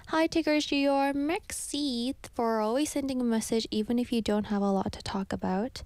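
A woman's voice: on the high side, moderate pace, few pauses, a little mellow, clean tone, no room sound. A woman radio host chatting in a bubbly way and reading listener messages, in a radio studio.

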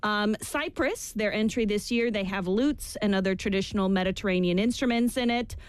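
A woman's voice: mid-range voice, brisk, clean tone, dry recording. A woman co-hosting a casual live-stream music chat, upbeat and reading viewer comments aloud. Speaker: co-host.

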